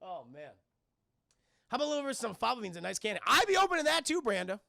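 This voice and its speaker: A man's voice: extremely high pitch, big pitch swings, fast, gravelly, bright, forceful tone, dry recording, studio quality. A young man with a New York accent chatting casually on a livestream, rambling and swearing as he talks to his chat. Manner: rambling, profane, addresses chat constantly. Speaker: streamer answering viewer questions.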